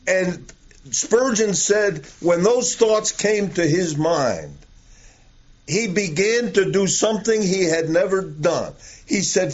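A man preaching a sermon in a church, earnest and deliberate, telling stories to make his point, on a dull lo-fi recording. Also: sits high, lively intonation.

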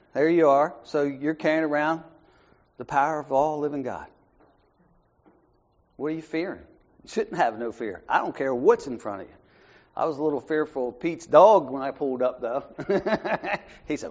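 Captured in muffled lo-fi audio, a medium-pitched man leads an informal Bible study in a conversational style. He shifts between soft asides and raised emphasis, repeatedly checking in with "right?"

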